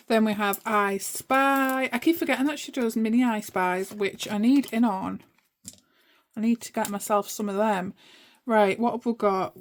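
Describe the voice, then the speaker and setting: A woman's voice: on the high side, steady tone, a little slow, long pauses, slight background noise. Chatty woman sorting cash. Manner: chatty, talks to herself while sorting money. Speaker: budgeting vlogger. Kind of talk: casual chat while cash stuffing. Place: home desk.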